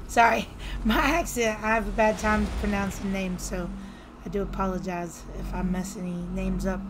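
A woman gaming streamer giving excitable, jumpy casual commentary while she plays. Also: medium pitch, moderate pace, noisy background. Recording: voice over loud game music.

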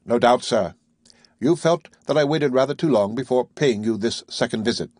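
A man reading the lines of an aloof, commanding ship's captain in an audiobook, calm, measured and penetrating. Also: medium pitch, dry recording, clean studio sound, natural voice.

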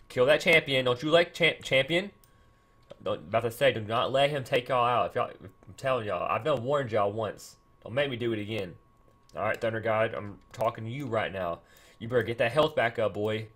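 A young man doing excited let's-play commentary, pleading with and scolding his game units. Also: mid-range voice, normal speed. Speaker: gaming channel host.

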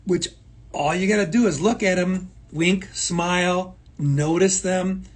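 A man's voice: high voice, a little slow, slightly rough. A man co-hosting a show, giving emphatic motivational talk and repeating his points. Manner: emphatic, repeats phrases, acts out quoted people. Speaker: co-host. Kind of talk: motivational chat.

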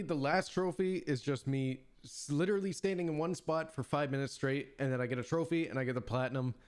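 A young man doing excitable let's-play commentary, yelling at the game and swearing casually between stretches of voice-over. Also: a little high. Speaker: gaming YouTuber.

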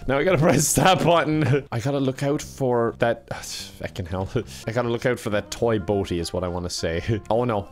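Exasperated gaming YouTuber. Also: male voice, mid-range voice, normal speed. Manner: exasperated, excitable, swears and laughs often. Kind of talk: let's-play commentary.

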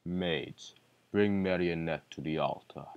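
A man voicing a stern, deep-voiced ritual leader in a video game playthrough, speaking slowly and solemnly. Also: clear, resonant tone, phone-quality sound. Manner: slow, solemn and menacing. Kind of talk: let's play voice acting.

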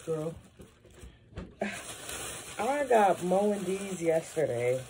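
Woman vlogger, lower voice, chatty and outspoken, kitchen recording on a phone with steady background noise. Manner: chatty, blunt and expressive, swears freely, addresses viewers as y'all. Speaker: lifestyle vlogger. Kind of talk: casual morning chat to viewers. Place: home kitchen, indoors. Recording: home recording with noisy background.

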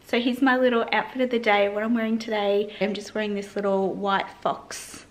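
A woman's voice: medium pitch, level tone, a little fast, hardly any pauses, slight background noise. Bubbly chatty woman vlogger. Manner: bubbly, chatty, coos baby talk to her dog. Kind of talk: casual vlog chat.

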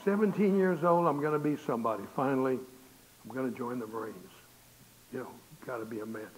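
Speaking a little fast in a mid-range voice, an older male pastor gives a folksy, story-driven church sermon, voicing the characters in his tales. The recording is rough, hissy and faintly noisy.

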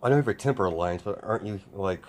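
A man's voice: fairly low pitch, racing, a little mellow, natural voice. A man voicing a wary, puzzled young princess in an improvised fan story, asking suspicious questions.

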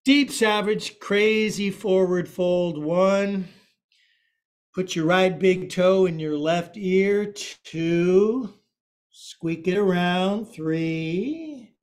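Playful high-voiced male yoga teacher. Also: very slow. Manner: playful, jokey cueing with asides. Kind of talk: live yoga class instruction.

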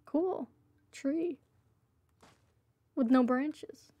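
A high-pitched woman streams a game and chats away to her viewers in an easygoing, unhurried way. She playfully begs other players for help, and her voice sounds close and dry. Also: mellow, no room sound. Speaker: livestreamer. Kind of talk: casual gameplay livestream chat.

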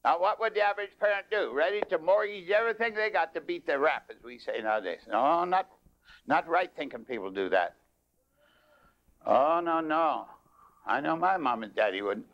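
A man's voice: expressive, moderate pace. An older man preaching a sermon in a folksy way, telling a long personal story. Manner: folksy, rises in pitch when telling stories. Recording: dull lo-fi tape.

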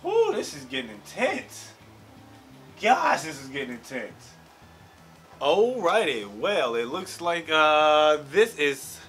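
A man hosting an anime reaction video, talking in an excitable, slangy way and swearing freely. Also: medium pitch. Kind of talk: casual reaction commentary. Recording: slightly distant mic, faint show audio.

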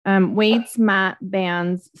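A woman co-hosting a casual chat show, making her guesses aloud in an unhurried, thinking-out-loud way. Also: mid-range voice, steady tone, dull audio. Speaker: co-host.

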